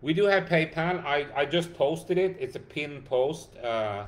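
A man's voice: on the high side, animated, a little slow. Tired man answering a livestream chat. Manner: reads viewer comments aloud and thanks them by name. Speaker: dog rescue founder answering live chat. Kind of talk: casual livestream Q&A.

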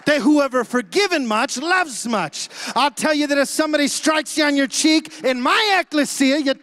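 A man's voice: very high-pitched, lively intonation, moderate pace, fairly bright tone. A male pastor preaching a sermon with emphatic energy, calling out to his congregation in a church sanctuary. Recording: long church hall reverb.

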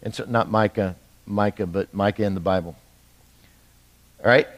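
A man's voice: on the low side, steady tone, moderate pace. A male pastor preaching a midweek sermon in a church, talking in a conversational way, often repeating words as he builds intensity.

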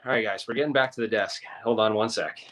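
A man's voice: lowish voice, fast talker, a bit bright. A man in his forties hosting a casual livestream, rambling in an upbeat way and often trailing off and restarting his sentences. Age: 40s. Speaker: livestream host.

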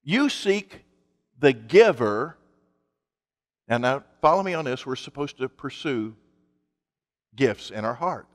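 A man's voice: medium pitch, lively intonation, takes it slowly, long pauses, big-room sound. A male pastor preaching a sermon in an emphatic, conversational way, asking his congregation rhetorical questions.

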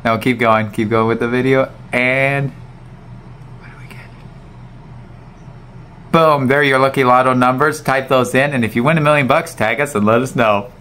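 A man hosting a comic improv bit, gushing in mock awe over a spinning die, sliding between low murmurs, high squeals and hushed whispers. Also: fairly even intonation, brisk, hardly any pauses, background noise. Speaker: family channel host.

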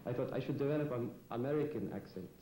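A man's voice: medium pitch, dark tone, echoey room, a little hiss or hum, rough recording. Hesitant man in a put-on foreign accent. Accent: put-on foreign immigrant accent. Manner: halting, hesitant, many fillers. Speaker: comedian guest. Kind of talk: in-character talk show interview.

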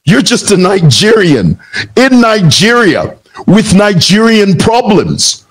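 A man from Zambia delivers heated reaction commentary in a combative, rhetorical way, repeating phrases for emphasis. His voice sits slightly high and swings widely in pitch, rising and falling as he presses each point. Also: sing-song, slow, husky, rough recording. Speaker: political commentator.

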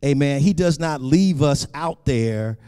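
Preaching man swinging soft to loud. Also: a little high, expressive, unhurried, smooth. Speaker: pastor. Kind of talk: sermon.

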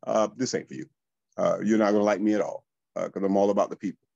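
A man, a real estate coach telling motivational stories to listeners in a lively, high-energy way. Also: fast talker, creaky, no echo, dull audio. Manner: high-energy, animated, addresses listeners as y'all. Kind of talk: motivational storytelling.

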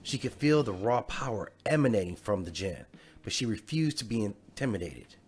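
A man's voice: lowish voice, big pitch swings, moderate pace, darkish tone, slightly rough. A man narrating a fan fiction bedtime story in a dramatic storytelling manner.

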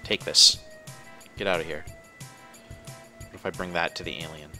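A man's voice: sits low, steady tone, moderate pace, music in the background. A man streaming a puzzle game, chatting casually with friends and reading out viewer comments. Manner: reacts to his own failures and reads viewer comments aloud. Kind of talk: casual let's play chat.

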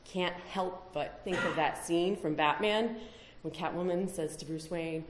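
A woman's voice: fairly low pitch, measured pace, echoey room, noisy background. A woman giving a conference talk, emphatic, with rhetorical questions. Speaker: conference speaker. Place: conference hall.

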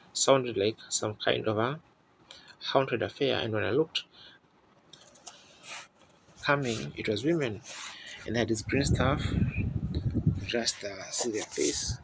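A man's voice: fairly low pitch, vocal fry, slight background noise, rough recording. A man preaching a sermon in a tabernacle, telling a story in an earnest, rambling way with restarts, his voice a little worn on an old tape. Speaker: pastor. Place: church tabernacle.

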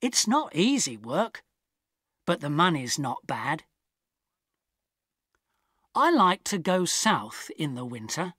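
Woman, first-person audiobook narration, slow, lively pitch. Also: husky, dry recording, studio quality. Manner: slow, plain, even reading for learners.

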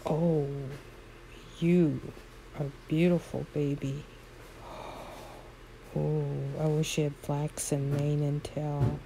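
A woman's voice: deep voice, little pitch movement, slow pace, long pauses, dark tone, a little hiss or hum, low-quality recording. A woman playing a horse game at home, commenting casually and fondly, exclaiming often and talking sweetly to her horses. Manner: frequent exclamations.

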